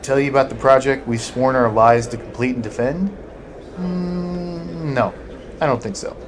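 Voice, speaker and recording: A man's voice: mid-range voice, measured pace, close to an everyday voice. A man reading the part of a severe, nervous woman engineer who answers curtly and guardedly, over a noisy home recording. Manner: curt, guarded.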